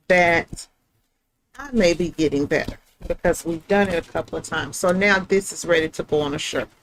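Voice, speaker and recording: A woman's voice: mid-range voice, poor audio. A middle-aged woman, hosting a live print-shop stream in a chatty, folksy way and talking straight to her viewers. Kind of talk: casual live craft demonstration.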